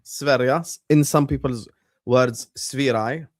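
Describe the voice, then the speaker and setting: A man hosting a casual live watchalong, chatty and bursting into excited shouts. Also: mid-range voice, normal speed, dry recording, clean studio sound. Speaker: livestream host.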